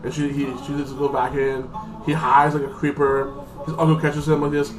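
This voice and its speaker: A man's voice: fairly high pitch, monotone, moderate pace, background noise. A man giving a casual, rambling movie review, filling his talk with "like" and acting out the characters. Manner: rambling, full of "like", acts out characters. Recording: voice a bit far from the mic, faint music behind.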